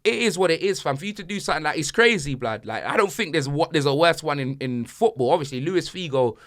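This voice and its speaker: A man hosting a football banter podcast, talking in slang with loud, laughing bursts. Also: a little high, animated, fast talker.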